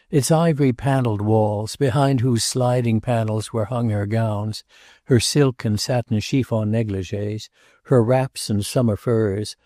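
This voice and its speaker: Gravelly, mellow male audiobook narrator. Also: medium pitch, no room sound, clean studio sound. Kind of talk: scripted narration.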